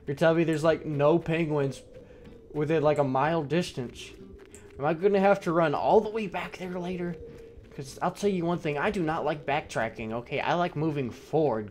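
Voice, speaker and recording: A young man giving crude, sarcastic running commentary while playing a game. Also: fairly high pitch. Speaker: gameplay commentator. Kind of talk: casual let's play commentary.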